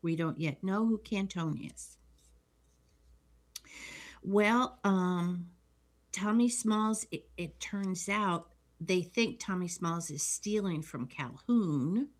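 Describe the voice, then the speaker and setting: A woman in casual chat, calmly walking through a movie's plot and quoting its lines. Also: on the low side, slow pace.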